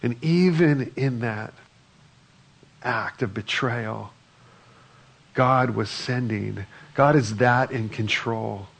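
A man's voice: mid-range voice, takes it slowly, vocal fry, pauses often, a bit bright, husky. A man preaching a sermon in a conversational way, reading scripture aloud between his own remarks. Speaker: pastor.

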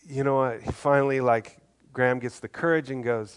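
A man's voice: mid-range voice, steady tone, normal speed, clean tone. A man preaching a sermon in a conversational, earnest way, acting out the voices of the people in his stories. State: briefly choked up. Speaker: pastor.

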